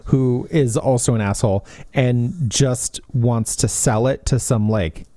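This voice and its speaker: A man co-hosting a podcast, chatting casually about books, animated and laughing as he acts out quotes. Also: mid-range voice, measured pace, no echo, clean studio sound. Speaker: podcast co-host. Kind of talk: casual book discussion.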